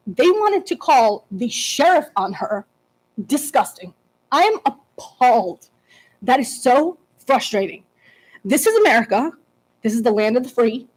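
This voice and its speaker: Brief: high-pitched woman, upset parent, unscripted public comment, indignant, stumbling restarts. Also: poor audio. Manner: emotional, indignant, halting restarts. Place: public board meeting.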